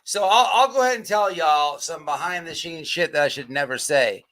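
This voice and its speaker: A man with a high, sharp-edged voice hosts a live stream commentary. He talks bluntly, swears freely and restarts his sentences as he goes. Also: fairly quick. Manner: blunt, profane, stumbling restarts. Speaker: livestream host.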